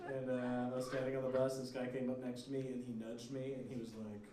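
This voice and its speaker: A man doing stand-up, telling stories and acting out the strangers he met in quick asides. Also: mid-range voice, level tone. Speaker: stand-up comedian. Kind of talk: stand-up set. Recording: roomy, distant mic with loud crowd. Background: audience laughter.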